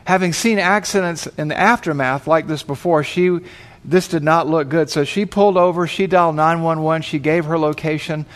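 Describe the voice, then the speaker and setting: A man's voice: fairly high pitch, fairly even intonation, moderate pace. A man preaching, telling a vivid story and acting out the voices of the people in it. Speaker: pastor. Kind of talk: sermon storytelling.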